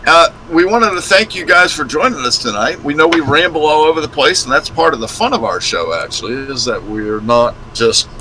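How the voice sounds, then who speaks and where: A man's voice: a little high, brisk, few pauses, slight background noise, low-quality recording. A man co-hosting a casual live stream, rambling and joking. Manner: rambling, jokey, animated. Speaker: co-host.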